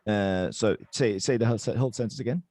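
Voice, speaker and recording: A man's voice: lowish voice, quick pace, warm tone, dry recording. A man teaching a Mandarin lesson over a video call, encouraging and switching between English and Chinese. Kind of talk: online language lesson.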